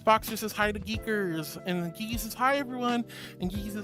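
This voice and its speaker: A woman's voice: on the high side, a little fast, over music. A woman streaming as a VTuber host, chatting casually, reading chat aloud and thanking viewers with affectionate pet names.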